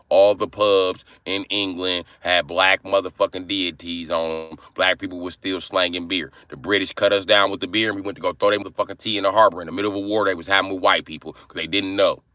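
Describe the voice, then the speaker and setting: Crude, rambling male live-streamer, low voice, dry close sound. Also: bright, forceful tone, no room sound. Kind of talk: comedic live-stream rant.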